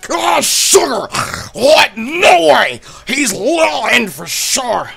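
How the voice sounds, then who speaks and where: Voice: sits high, sing-song, gravelly, fairly bright tone, breathy edge, soft background music, voice pushed up, full character voice. A syrupy, drawling teen girl. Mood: sugary, excited. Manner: slow, syrupy drawl, calls everyone sugar. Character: bubbly, drawling teenage girl friend. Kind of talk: let's play character voice.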